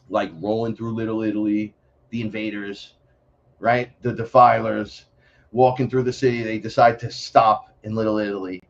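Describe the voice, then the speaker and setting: A man from the Bronx with a New York accent, a podcast guest talking in a blunt, profane, animated way. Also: medium pitch, highs cut off. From New York City, the Bronx. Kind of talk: casual podcast chat.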